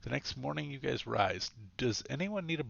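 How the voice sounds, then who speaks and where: A man narrating a tabletop game as game master, rambling and correcting himself as he goes, with a quick laugh. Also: mid-range voice, expressive, vocal fry, fairly bright tone, no room sound, lo-fi sound.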